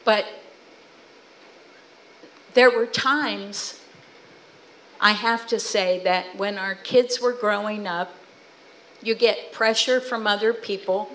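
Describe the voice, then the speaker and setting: Slowly and with long pauses, a middle-aged woman in a mid-range voice tells a church audience stories about her family, animatedly acting out their quoted words as a guest speaker. The recording is low quality.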